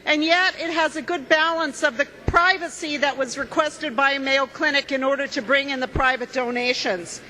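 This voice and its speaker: A woman with a high, bright voice makes an earnest case during a floor speech. Her words ring through the long reverb of a large legislative chamber. A faint hum of room noise sits underneath. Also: fairly even intonation, normal speed, hardly any pauses. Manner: earnest, persuasive speech growing emotional. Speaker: state legislator.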